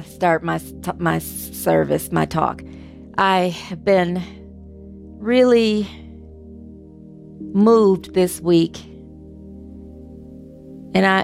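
A woman's voice: lowish voice, gravelly. A woman giving a casual sermon to her spiritual community, chatty, with restarts and a joke. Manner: chatty and warm, with restarts and a joking anecdote. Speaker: speaker giving the talk at a spiritual community service.

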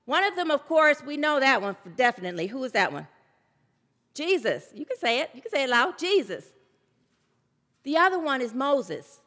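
A woman's voice: high voice, very animated, quick pace, hardly any pauses, sharp tone. A woman preaching a sermon with emphatic delivery, sometimes calling on listeners to say words aloud. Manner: emphatic, calls for congregation response. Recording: long hall reverb.

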